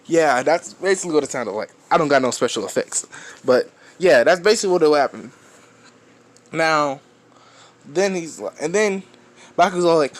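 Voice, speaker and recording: A man retells a fan story in a loose, rambling way, often backing up and restarting his sentences. He swears offhand, and his voice sits a touch high for a man. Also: animated, normal speed.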